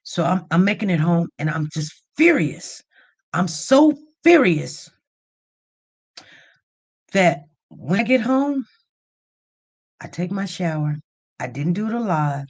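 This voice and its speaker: A woman tells a story on her livestream in a casual, chatty way. Her delivery is animated, and it climbs to loud near-shouts when she gets worked up. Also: lowish voice, slow pace, pauses often, husky. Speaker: livestream host.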